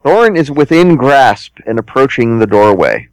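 A man narrating a tabletop game as game master, describing the scene slowly and pausing to find his words. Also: medium pitch, very animated, dry recording, poor audio. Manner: slow, descriptive, pauses to search for words.

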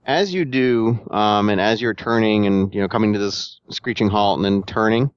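A man narrating as game master of a tabletop game, halting and searching for words as he describes the scene. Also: lowish voice, clear, resonant tone, no room sound, muffled recording.

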